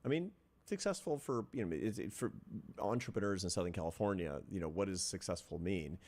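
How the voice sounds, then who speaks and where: A man in middle age with a notably low-pitched voice shares a personal story as a guest in an interview. He talks in an earnest, thoughtful way, laying out his ideas one step at a time. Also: expressive, a little fast, darkish tone. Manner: earnest, reflective, builds points step by step. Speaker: interview guest, social scientist.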